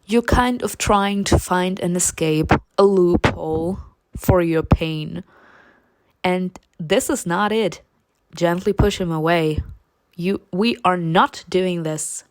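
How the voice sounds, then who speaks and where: A woman reading a story game aloud and talking back to it, animated and dryly sarcastic in her asides. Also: fairly low pitch, slow.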